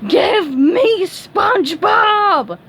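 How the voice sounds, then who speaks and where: A woman's voice: very high voice, lively intonation, extremely slow, fairly bright tone, a little hiss or hum, pitched above the performer's own voice, exaggerated voice. A woman voicing a furious male starfish turned monster, bellowing threats in a raised voice.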